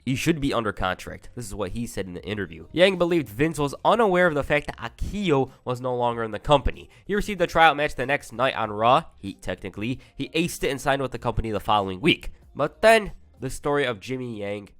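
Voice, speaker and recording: A man's voice: mid-range voice, lively intonation, a little fast, hardly any pauses, fairly bright tone. A young man narrating a casual recap video, chatty and full of offhand asides. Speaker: YouTube wrestling history narrator.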